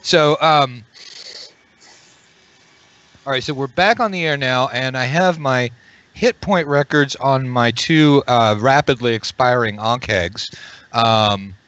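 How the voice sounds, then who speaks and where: A man runs a tabletop game over a call, rambling and tripping over repeated words. His voice sits in a middle pitch. The audio is dull and muffled. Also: slow, long pauses, a bit bright. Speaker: game master. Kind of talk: running an online tabletop game.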